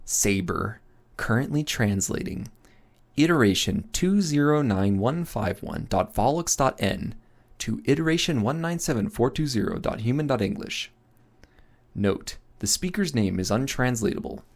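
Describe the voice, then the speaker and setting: A man's voice: medium pitch, expressive, normal speed, gravelly. A man voicing a translating machine that announces its work in a matter-of-fact, procedural way. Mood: flat.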